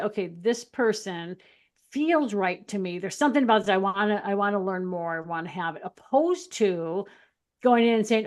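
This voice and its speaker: A candid woman co-hosting a spiritual chat show, laughing easily as she tells stories. Her voice sits in an ordinary middle register, and she shifts readily between plain talk and lively retorts. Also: mid-range voice. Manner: candid, animated storytelling, quick laughs. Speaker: podcast co-host.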